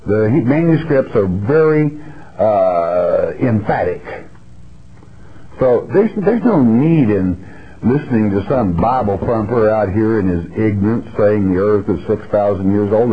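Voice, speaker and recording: A man's voice: fairly low pitch, sing-song, unhurried. A man giving a broadcast Bible teaching in a blunt, folksy, emphatic way. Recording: dull lo-fi broadcast audio.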